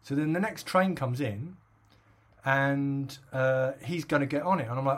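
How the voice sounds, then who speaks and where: A husky middle-aged man from England rambles through a story in casual podcast chat. He fills his talk with "like" and "obviously" and laughs as he goes, at an average pitch. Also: normal speed. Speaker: podcast co-host.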